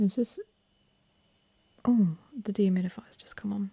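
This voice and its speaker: Breathy whispering woman, rambling. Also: medium pitch, measured pace, long pauses, dark tone, no echo. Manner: rambling, chatty, many fillers. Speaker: ASMR host. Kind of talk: whispered ASMR chat. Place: indoor room at home.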